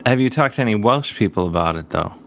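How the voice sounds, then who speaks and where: Lower-voiced playful male host. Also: animated, quick pace, gravelly. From Cleveland, USA. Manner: playful, teasing questions. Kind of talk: casual comedic chat.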